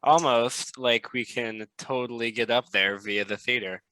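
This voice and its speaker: A man with a bright, forceful tone and a middle pitch, playing a tabletop game with friends. He comes across eager and jokey. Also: steady tone, a little slow, poor audio. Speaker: player.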